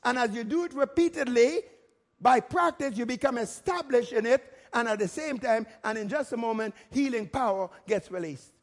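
A male pastor preaching a sermon emphatically, firing rhetorical questions and rising to shouts. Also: very high voice, normal speed.

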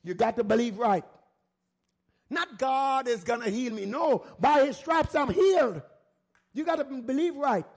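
Guy preaching a sermon, really high voice, pushy and repetitive, keeps throwing questions at the crowd. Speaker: pastor.

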